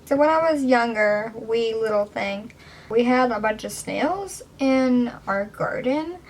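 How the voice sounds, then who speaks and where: A woman's voice: on the high side, animated, slow pace, noisy background. A young woman chatting in a casual home vlog, rambling and self-deprecating, sometimes dropping to a whisper. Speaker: vlogger. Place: indoors at home.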